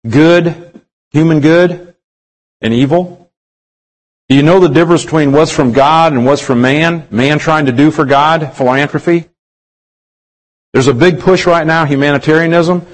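A man preaching a sermon, reading scripture slowly with drawn-out emphasis and putting many rhetorical questions to his congregation. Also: fairly high pitch, low-quality recording.

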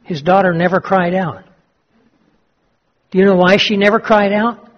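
A man preaching a sermon, telling a story and then drawing slow, emphatic lessons from it. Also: high voice, fairly even intonation, lo-fi sound. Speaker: pastor.

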